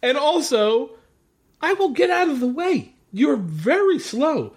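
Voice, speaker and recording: A man's voice: very high-pitched, very animated, takes it slowly. A man co-hosting a podcast, recapping a TV episode in casual chat, laughing often and swearing freely. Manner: laughing, profane, rambling. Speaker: podcast co-host.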